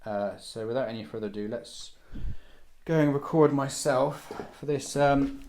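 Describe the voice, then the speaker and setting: Man, casual gear walkthrough, rambling, self-deprecating, mid-pitched voice, echoey room. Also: moderate pace, a little mellow. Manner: rambling, self-deprecating, many fillers and restarts. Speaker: video maker testing microphones. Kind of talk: casual, unscripted equipment walkthrough. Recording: roomy, echoey indoor recording.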